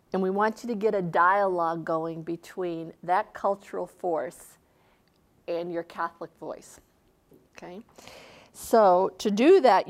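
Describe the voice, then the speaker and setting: A woman leading a seminar workshop, talking conversationally and retelling a story with quoted dialogue. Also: mid-range voice. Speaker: seminar speaker. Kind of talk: seminar talk with a workshop exercise. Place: seminar room.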